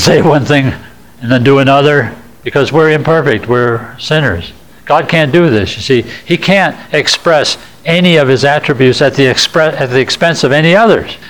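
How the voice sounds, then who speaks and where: A man's voice: mid-range voice, poor audio. A man preaching a sermon through a passage, earnest and explanatory, often chuckling and lifting his voice for emphasis.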